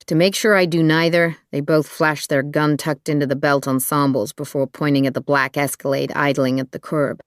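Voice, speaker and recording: An audiobook narrator reading a thriller in an even, measured storytelling manner. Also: medium pitch, smooth, no room sound, clean studio sound.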